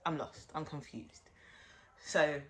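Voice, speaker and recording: A woman's voice: low voice, takes it slowly. A woman telling a personal story on her vlog, blunt and chatty, swearing freely and talking straight to her viewers. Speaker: vlogger.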